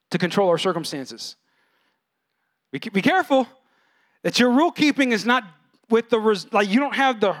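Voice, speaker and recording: Animated high-voiced male pastor preaching. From California. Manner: animated, acts out quoted voices with big pitch swings. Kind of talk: sermon.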